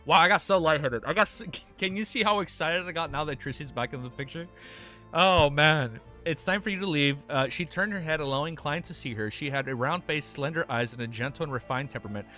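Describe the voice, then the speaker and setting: A man streaming live, reading a novel aloud and breaking off into excited, profane reactions. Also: a little high, fairly quick, faint music behind.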